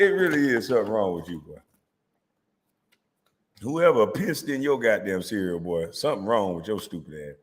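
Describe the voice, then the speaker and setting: A man's voice: medium pitch, long reverb tail. A man hosting his own channel, delivering a profane, taunting rant full of rhetorical questions. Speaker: host.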